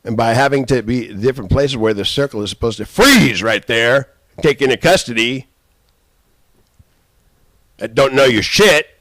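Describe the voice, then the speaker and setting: A man rants at someone off camera, cursing through a long rambling outburst. He swings between loud shouting and low muttering. His voice sits in an ordinary middle pitch, and the sound is dry and close, with no room echo. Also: moderate pace, long pauses. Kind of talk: angry personal rant. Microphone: handheld camera.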